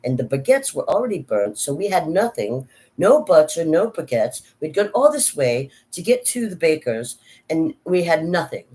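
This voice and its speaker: A woman's voice: low voice, moderate pace, pitched above the performer's own voice, low-quality recording. A woman doing a put-on French accent, playing a chatty Frenchwoman rambling through a story about bread and butter. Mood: animated. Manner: rambling, animated storytelling with many restarts.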